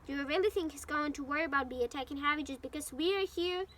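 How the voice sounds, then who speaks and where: A woman with Ukrainian as her first language reading the part of a bossy, sharp-tongued schoolgirl in a storybook. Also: high-pitched, fast talker. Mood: scolding. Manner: snappy, scolding.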